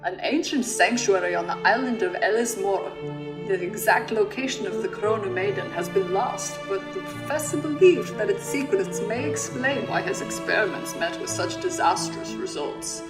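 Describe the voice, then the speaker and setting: A woman's voice: medium pitch, lively intonation, close to an everyday voice, poor audio. A woman voicing a dying male doctor who reads his farewell letter formally, in a loose put-on German-tinged accent. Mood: grave. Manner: formal, measured letter reading. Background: game music.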